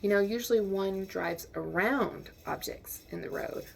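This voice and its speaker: A woman's voice: mid-range voice, unhurried, creaky, slight background noise. A woman voicing a stern driving examiner woman who turns curt and panicky in a retold story. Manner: curt, then panicked shrieking.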